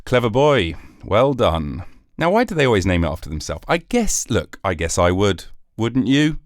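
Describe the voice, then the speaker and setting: A man's voice: low-pitched, huge pitch swings, moderate pace, no echo, clean studio sound. A British man hosting his own podcast, rambling through a jokey, sarcastic solo monologue. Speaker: podcast host.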